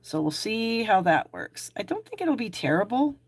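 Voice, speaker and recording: Her voice is husky and medium-pitched, swinging widely in pitch at a moderate pace, captured in a dry recording. This middle-aged woman leads a live card-making demo with viewer chat, talking the whole time she works and poking fun at herself.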